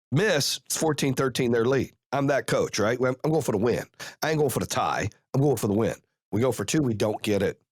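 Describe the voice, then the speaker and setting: A man's voice: mid-range voice, no room sound, clean studio sound. A man telling a profane play-by-play story. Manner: profane, animated, rapid play-by-play. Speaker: podcast host. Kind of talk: casual storytelling.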